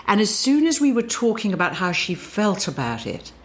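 A woman voice teacher giving a slow, deliberate, reflective workshop talk. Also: mid-range voice, very animated.

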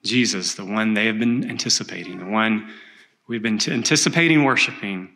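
A man preaching a sermon as pastor of a church, earnest and measured as he tells a story. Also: fairly low pitch, gravelly, bright, forceful tone.

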